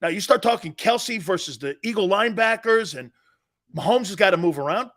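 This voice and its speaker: A man's voice: high-pitched, lively intonation, fairly quick, fairly bright tone. A middle-aged man hosting a live sports talk show, brash and opinionated, mocking pundits and laughing at his own points.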